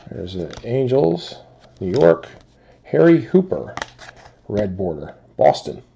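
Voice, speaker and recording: A man hosts a card break and reads each team and player aloud in an even, listing way. His voice is low and dark with a gravelly edge, and he takes his time. Pitch sits in the middle. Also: highs cut off, slight background noise. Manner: steady rapid-fire listing of teams and players. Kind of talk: calling out cards in a box break.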